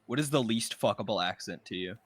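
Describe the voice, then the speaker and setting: A man's voice: lowish voice, expressive, fast, a bit bright. A man co-hosting a gaming podcast in casual chat, rambling and joking crudely. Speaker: podcast co-host.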